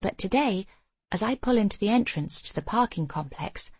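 An older woman narrating a memoir audiobook in a measured, intimate first-person voice. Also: medium pitch, lively intonation, breathy edge, no room sound.

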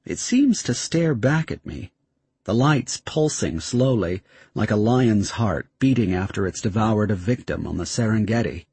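A man narrating a first-person story in a tense, steady way. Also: lowish voice, a little slow, slightly rough, dry recording. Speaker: audiobook narrator.

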